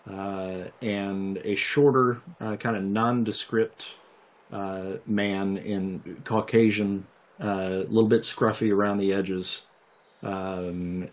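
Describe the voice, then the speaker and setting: Low-voiced game master narrating. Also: male voice. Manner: relaxed, descriptive, with many fillers.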